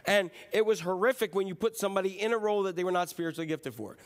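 Animated, conversational man preaching. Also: sits high, rapid-fire. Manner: conversational, animated, acts out quotes in dropped voice. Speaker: pastor. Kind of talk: sermon.

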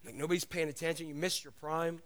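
A middle-aged man preaching a sermon, telling stories in an animated, casual way. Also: a little high, fast talker. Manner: animated storytelling, casual asides. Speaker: pastor.

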